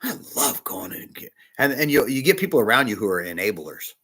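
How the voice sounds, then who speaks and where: A middle-aged man, a bishop, preaching a sermon with emotional personal testimony, talking in a confiding, animated way. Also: medium pitch, brisk, slightly rough.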